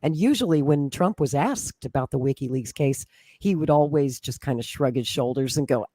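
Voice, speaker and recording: A woman's voice: sits low, animated, moderate pace, warm tone, no echo, studio quality. An American woman talking politics as a podcast guest, confident and talkative, with frequent restarts. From United States. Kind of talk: casual political chat.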